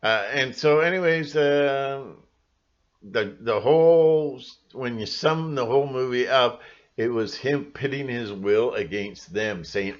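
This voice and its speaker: Guy ranting to his channel, middle pitch, lots of restarts, kinda dull lo-fi audio. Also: measured pace, fairly bright tone. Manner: emphatic, rambling, full of restarts and asides. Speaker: channel host. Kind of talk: monologue to camera.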